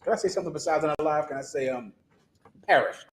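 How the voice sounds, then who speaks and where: A man's voice: on the high side, fast talker, echoey room, poor audio. A man preaching a street sermon who talks emphatically and sarcastically, firing rhetorical questions at his listeners.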